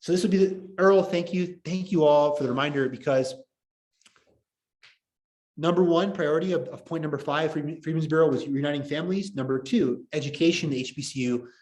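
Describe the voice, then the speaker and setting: A young man teaching a casual online history class, rambling and excitable, often laughing at his own jokes. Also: on the high side, a little fast.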